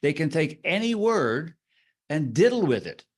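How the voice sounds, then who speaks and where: A man's voice: on the high side, very animated. A man co-hosting a podcast in casual discussion, illustrating his points by stretching words out, dropping to a whisper and playing with inflection. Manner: demonstrative, acts out vocal tricks with drawn-out words and whispers. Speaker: podcast co-host.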